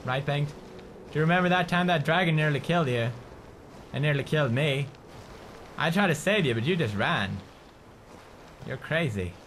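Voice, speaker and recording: A man commentating a game playthrough, excitable and swearing often as he talks to his companion. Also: a little high, moderate pace, long pauses, slight background noise. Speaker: gaming video host. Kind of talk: let's play commentary. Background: game music.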